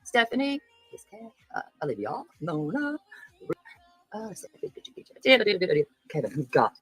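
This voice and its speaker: A woman's voice: on the low side, huge pitch swings, moderate pace, slightly rough, no room sound, soft background music, poor audio. A woman hosting a casual livestream, greeting viewers by name and speaking bluntly and indignantly. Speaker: host of a livestream commentary show.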